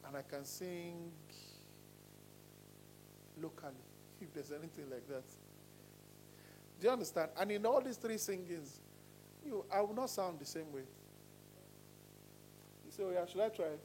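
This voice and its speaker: A man leads a singing lesson, speaking in a fairly high voice. He swings between loud and quiet to demonstrate ideas and keeps checking that the class is following. A faint hum sits under the recording. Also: measured pace, pauses often. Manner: animated, demonstrating voices with sudden pitch swings. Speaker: singing coach.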